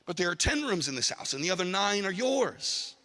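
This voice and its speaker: A preacher voicing a gentle, patient Jesus who speaks softly, slowly and calmly. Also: male voice, high voice, heavily acted. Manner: soft, slow and calm. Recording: long hall reverb.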